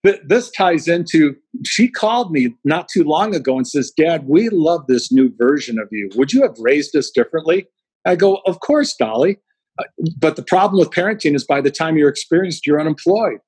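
A middle-aged man, a guest speaker, telling animated anecdotes in an interview and acting out the quotes. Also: on the high side, moderate pace, husky, no echo, poor audio. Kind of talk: storytelling in an interview.

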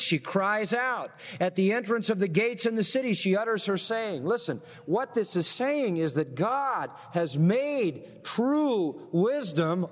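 A man's voice: high-pitched, long reverb tail. A man preaching a sermon, emphatic, often throwing rhetorical questions at his listeners. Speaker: pastor.

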